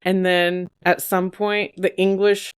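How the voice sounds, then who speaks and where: A woman's voice: lowish voice, flat delivery, slow pace, smooth. A woman co-hosting a podcast in casual chat, explaining things with asides and laughing as she talks. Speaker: podcast co-host.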